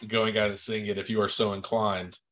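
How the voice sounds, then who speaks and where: Laid-back low-voiced man, podcast co-host. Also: flat delivery, brisk, fairly bright tone, a little hiss or hum. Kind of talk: casual chat.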